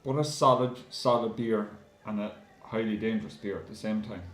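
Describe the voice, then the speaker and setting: A man's voice: on the low side, steady tone, moderate pace, faint music behind. Chatty man in a roomy echo. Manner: chatty, addresses viewers as guys, many ums. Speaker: beer reviewer. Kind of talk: casual video review.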